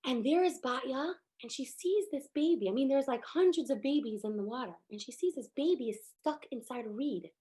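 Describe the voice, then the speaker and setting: Brief: high-pitched woman teacher, animated religious storyteller, lots of fillers. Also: brisk, few pauses.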